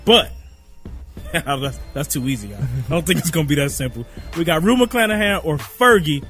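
A man's voice: on the high side, expressive, normal speed, fairly bright tone. A man co-hosting a show in casual, crude banter, laid-back and laughing as he runs the segment. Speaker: co-host. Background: music.

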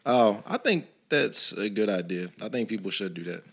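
A man's voice: lowish voice, lively intonation, moderate pace, gravelly, a bit bright, a little hiss or hum. A man in casual chat, blunt and joking.

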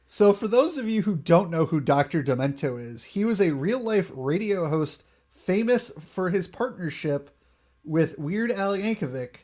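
A man's voice: high voice, animated, unhurried, a little mellow. A man co-hosting a podcast, chatting casually and agreeably with many fillers. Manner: easygoing, agreeable, lots of "like". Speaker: podcast co-host. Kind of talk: casual chat.

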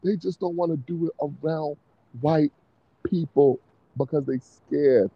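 A man's voice: a little high, measured pace, husky, dry recording, highs cut off. A man arguing provocatively in a casual podcast chat, repeating his points with rising heat. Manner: provocative, heated, repetitive, laughs at own claims. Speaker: podcast co-host.

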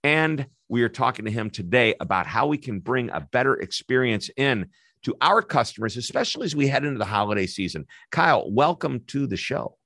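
A man's voice: medium pitch, very animated, fairly quick, fairly bright tone, dry recording, clean studio sound. A man hosting a business interview podcast, upbeat and chatty, who sometimes stumbles over his words. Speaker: podcast host.

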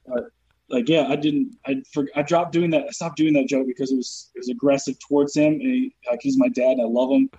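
A man with a Southern US accent, a comedian guest on a podcast, telling stories in an animated, profane way. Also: mid-range voice, fairly quick, breathy edge, highs cut off. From Southern United States. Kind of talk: casual podcast chat.

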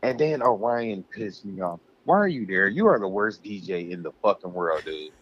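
A man's voice: on the low side, lively intonation, moderate pace, highs cut off, a little hiss or hum. A man co-hosting a casual podcast, ranting heatedly and swearing a lot. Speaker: podcast co-host.

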